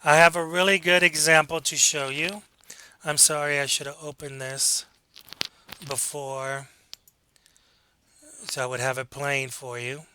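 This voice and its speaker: Guy teaching speech class, pretty bright voice, a little high, direct and coachy. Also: little pitch movement, measured pace, pauses often, clean tone. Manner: direct, coaching, rhetorical questions. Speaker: college speech instructor. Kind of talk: recorded class lecture.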